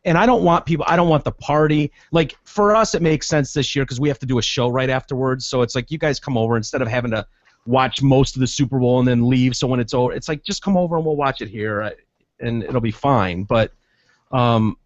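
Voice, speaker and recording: A man hosting a podcast, telling stories in a casual, profane, animated way. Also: medium pitch, brisk, dry recording, dull audio. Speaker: podcast host. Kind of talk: casual chat.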